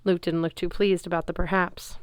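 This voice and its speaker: A woman's voice: fairly low pitch, level tone, fairly quick, smooth, no echo. A woman reading a novel aloud, telling the story expressively in first person. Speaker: reader.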